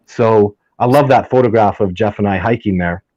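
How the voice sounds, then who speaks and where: A man's voice: on the low side, normal speed, darkish tone, no echo, highs cut off. A man being interviewed as a guest, telling stories in a rambling, enthusiastic way, often restarting his sentences and getting heated. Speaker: guest, Sasquatch researcher. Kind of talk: casual interview storytelling.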